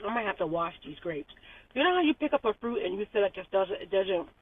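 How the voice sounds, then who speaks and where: A woman's voice: mid-range voice, lively intonation, fast talker, slightly rough, no echo, far from the mic. A woman chatting animatedly on a car vlog, repeating herself and laughing often. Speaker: vlogger. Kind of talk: casual car vlog chat. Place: car in traffic. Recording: tinny phone-like sound from off mic.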